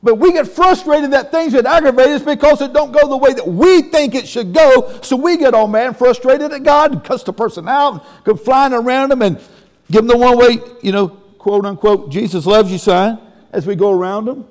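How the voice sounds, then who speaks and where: A man's voice: very high-pitched, moderate pace, in a large hall. A man pastor preaching a sermon in a folksy, emphatic way, with sudden exclamations.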